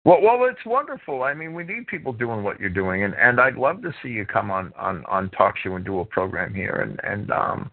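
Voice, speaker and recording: A man's voice: fairly low pitch, very animated, brisk, hardly any pauses. A man hosting a radio call-in show who talks in casual chat and keeps repeating and restarting his words. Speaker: radio talk show host. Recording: tinny phone-line sound.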